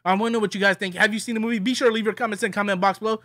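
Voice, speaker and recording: A man with a fairly high voice rants through a film review, circling back and restarting his sentences. The sound is dry and close, with no room around him. He comes across as annoyed and sure of his opinions. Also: fairly even intonation, rapid-fire, sharp tone, no echo. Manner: rambling, many restarts and repeats. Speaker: movie reviewer. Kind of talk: casual ranting review.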